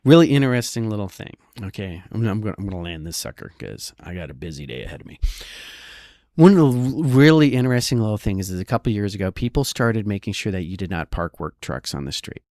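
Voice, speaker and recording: A man's voice: lowish voice, very animated, quick pace, darkish tone, no echo, clean studio sound. A man who works as a real estate broker, giving casual market commentary in a sarcastic way and often checking in with the listener. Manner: sarcastic, keeps checking in with "all right?".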